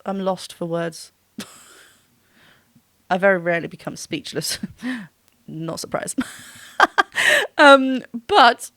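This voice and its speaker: A woman's voice: medium pitch, lively intonation, moderate pace, long pauses, a bit bright, no echo, clean studio sound. A woman working as a vocal coach, giving a gushing reaction and analysis with frequent laughs and short sung demo notes.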